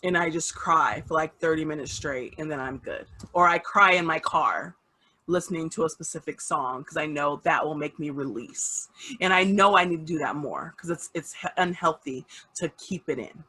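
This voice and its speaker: A woman's voice: deep voice, moderate pace, pushed and bright, slightly rough. A woman co-hosting a casual podcast chat, talking candidly and reflectively with emphatic repeats. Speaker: podcast co-host.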